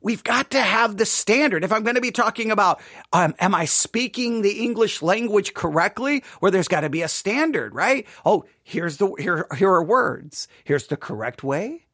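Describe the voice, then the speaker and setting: A woman leads a relaxed podcast Bible lesson in a dry, close recording. She talks it through conversationally and keeps checking in with her listeners. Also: medium pitch, normal speed, slightly rough, dry recording. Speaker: Bible study teacher and podcast host.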